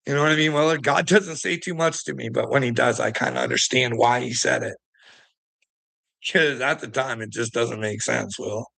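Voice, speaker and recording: A man's voice: medium pitch, normal speed, creaky, pushed and bright. A man delivering a profane, confrontational rant at someone, laughing between jabs. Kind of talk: ranting monologue to camera.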